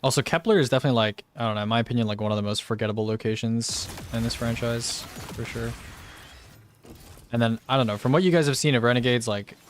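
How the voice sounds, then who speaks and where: A young man streaming a game live, chatting to viewers in slangy, swearing, excitable gamer talk. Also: mid-range voice, fast talker. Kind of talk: live gameplay commentary.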